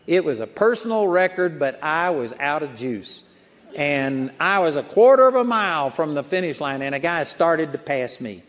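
A man's voice: fairly high pitch, animated, normal speed. A man preaching a sermon in a folksy storytelling way, chuckling at his own anecdotes. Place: large auditorium. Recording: long auditorium reverb.

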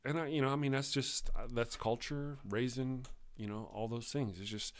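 A man's voice: medium pitch, fairly even intonation, normal speed. A man hosting a live stream show, talking in a chatty, rambling way and often correcting himself.

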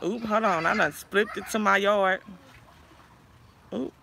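Woman livestreamer, bright tone, foul-mouthed and confrontational, heated callout rant into a phone. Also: mid-range voice, unhurried, creaky, slight background noise. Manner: profane, confrontational, calls out viewers directly. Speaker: livestream host.

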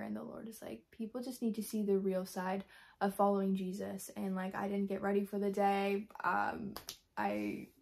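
A faith vlogger with a medium-pitched voice speaks candidly about personal matters. She sounds tired and worn, talking softly and haltingly with many fillers.

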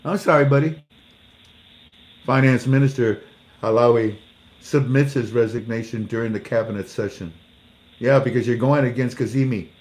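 A man at a middle pitch reads out news articles and answers each one with sarcastic asides. He plays out little mock dialogues and laughs at his own jokes. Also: moderate pace, pauses often, darkish tone. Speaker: commentator reading news articles. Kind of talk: casual commentary.

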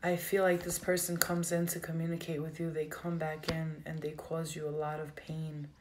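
A woman's voice: low voice, level tone, moderate pace, a little hiss or hum. A woman giving a live tarot reading, emotional and direct, speaking straight to her viewers. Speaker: tarot reader.

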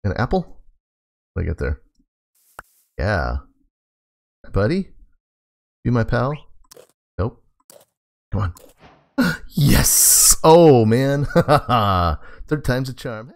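A man's voice: medium pitch, wildly swooping pitch, takes it slowly, gravelly, pauses often. A man casually commenting on his game as he plays, chatting to in-game animals and laughing often. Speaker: gaming host. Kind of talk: casual let's play commentary.

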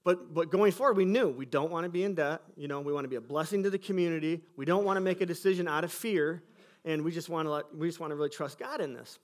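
A man's voice: on the high side, quick pace. A man from Michigan, a pastor giving a sermon testimony in a school cafeteria, telling his church's story earnestly and acting out conversations.

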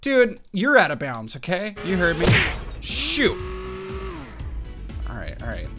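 A man in his let's-play commentary, reacting with excitable outbursts and talking back at the game as he plays. His voice sits fairly high and swings up and down a lot. Game music plays clearly underneath him. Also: takes it slowly. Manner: excitable, talks to the game and himself, jumpy outbursts. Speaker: gaming YouTuber.

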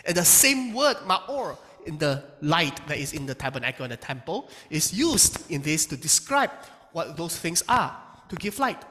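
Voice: medium pitch, very animated, moderate pace, pushed and bright, big-room sound. A Bible teacher giving a lecture, speaking emphatically and asking rhetorical questions, often with a tag question like "right?" at the end.

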